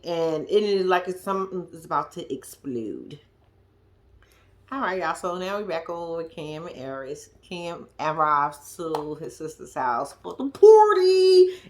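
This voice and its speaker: A woman giving a blunt, profane, animated recap of a reality TV episode, dropping to a hush at times. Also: lowish voice. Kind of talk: casual commentary recap.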